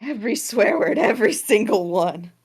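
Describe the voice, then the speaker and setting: A woman's voice: mid-range voice, animated, normal speed, darkish tone, slightly rough. A woman game master chatting casually with players, laughing often and swearing freely. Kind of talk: casual chat after a tabletop game.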